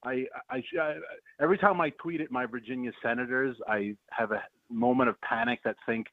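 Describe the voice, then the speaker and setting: A blunt, scornful man calling in as a radio guest. His voice comes through a thin phone line with a dry sound and no room echo. His pitch sits in an ordinary middle range. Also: normal speed. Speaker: guest, farmer and policy director. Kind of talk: phone interview.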